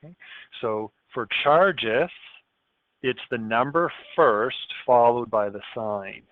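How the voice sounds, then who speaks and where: A man's voice: medium pitch, slow pace, dry recording. A male chemistry teacher giving a recorded lesson, explaining step by step and checking in often with "okay?". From Canada. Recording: dry, tinny phone-like audio.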